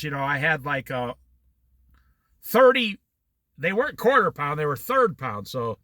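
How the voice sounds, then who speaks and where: Bright, high-voiced folksy man. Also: no room sound. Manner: folksy, repeats points for emphasis. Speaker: speaker. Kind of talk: motivational talk.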